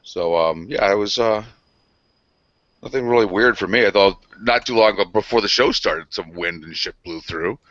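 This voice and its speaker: A man's voice: fairly low pitch, normal speed, a bit bright, no room sound. A man co-hosting a casual podcast, rambling loosely with profanity. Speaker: podcast co-host. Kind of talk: casual chat. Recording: dry, dull lo-fi sound.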